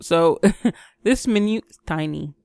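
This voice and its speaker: A woman co-hosting a casual chat show, talking in a relaxed, giggly way with lots of "like" and "um". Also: on the low side, slow, gravelly, clean tone, no echo. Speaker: co-host.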